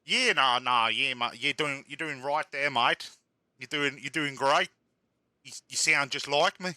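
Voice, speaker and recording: A man's voice: mid-range voice, a little slow, pushed and bright, dry recording, clean studio sound. A man voicing a cheery young male Australian racing driver in a mock Australian accent, chirpy and full of yeah nah and mate.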